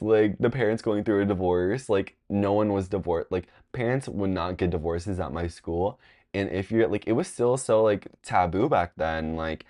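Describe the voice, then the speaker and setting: A man in his twenties telling a rambling, animated storytime vlog, full of "like" fillers. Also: deep voice. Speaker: vlogger. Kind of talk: casual storytime.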